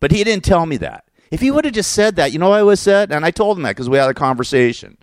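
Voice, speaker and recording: Speaking fast with a sing-song rise and fall, this slightly high-voiced man vents through a personal story like a vlogger on a rant. He curses a lot and keeps correcting himself. The audio is clean, studio-grade, and echo-free.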